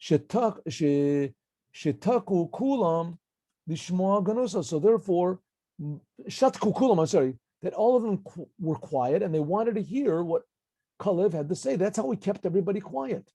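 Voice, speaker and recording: A man teaching a Torah class as a rabbi, reading Hebrew phrases, translating and explaining them in a lively lecture with frequent restarts. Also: sits high, moderate pace, no echo. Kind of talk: lecture with commentary.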